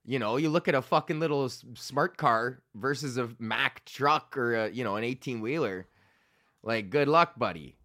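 Profane, bright-voiced man ranting. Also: medium pitch, normal speed. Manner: profane, rambling, laughs often at himself. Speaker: podcast host. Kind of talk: casual ranting monologue.

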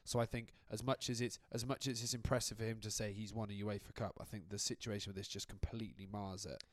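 A man's voice: on the low side, steady tone, fast talker, no echo, clean studio sound. A young man co-hosting a casual football podcast, rambling and joking with restarts. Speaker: podcast co-host.

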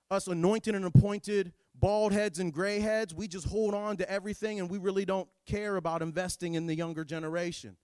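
A man preaching a sermon in a sarcastic, animated, jokey way. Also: high-pitched, brisk, few pauses, smooth, dry recording. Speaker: pastor.

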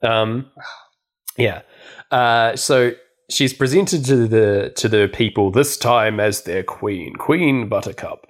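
A man's voice: medium pitch, slow. A man co-hosting a podcast, casually recapping a film with a chatty, laughing manner. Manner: chatty, laughing, lots of fillers. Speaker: podcast co-host.

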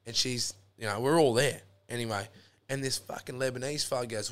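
A man's voice: medium pitch, brisk, fairly bright tone, clean tone. An Australian man telling a rambling, sweary story in a casual chat, throwing in lots of "mate". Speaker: podcast guest.

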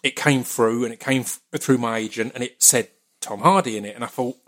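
Chatty man, quick affirmations. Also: medium pitch. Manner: animated, frequent affirmations and stammered restarts. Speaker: podcast host, actor. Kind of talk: casual chat.

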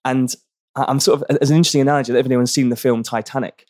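A British barrister and activist, guesting on a podcast, speaks earnestly and thoughtfully, often restarting his sentences. His voice is medium-pitched and steady in tone, a little mellow, and he talks at a racing pace.

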